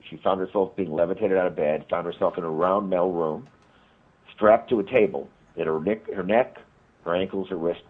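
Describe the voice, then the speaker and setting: Over a tinny radio phone line, a man with a low, slightly rough voice tells a long story as a guest. He's a paranormal investigator and author, and his animated retelling rambles with frequent restarts.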